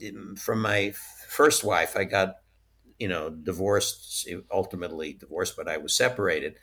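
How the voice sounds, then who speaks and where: Low, bright-voiced man telling stories. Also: gravelly. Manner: chatty, laughs often mid-story. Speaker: interview guest, former studio licensing executive. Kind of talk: casual anecdotal storytelling.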